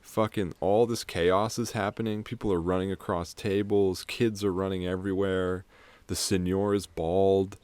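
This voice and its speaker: Young male podcast co-host, very low pitch, dead-dry sound, rambling, swears a lot. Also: level tone, a little mellow, clean tone, no echo. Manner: rambling, swears freely, acts out scenes in quick put-on voices. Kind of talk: casual film recap chat.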